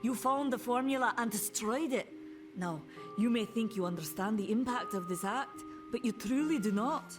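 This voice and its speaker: A grateful village shopkeeper, voiced by a woman in a fantasy video game speaks in a formal, measured way. Her voice sits fairly high. Game music plays behind her. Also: natural voice.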